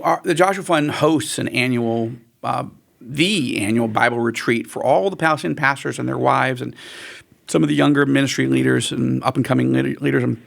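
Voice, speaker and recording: A man's voice: mid-range voice, gravelly. A man speaking as a guest in an interview, telling stories animatedly and acting out quoted voices. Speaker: guest author.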